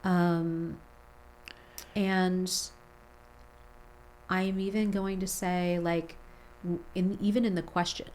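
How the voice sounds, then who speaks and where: A woman hosting a heartfelt podcast interview, guiding her guest through slow, soothing reflections. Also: lowish voice, level tone, a little mellow, slight background noise, low-quality recording. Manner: slow, soothing guided reflection with long lists. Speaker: podcast host.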